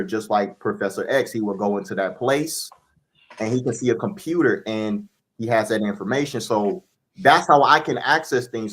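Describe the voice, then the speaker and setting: A man guest on a casual interview, calmly explaining his spiritual practice and DJing. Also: lowish voice.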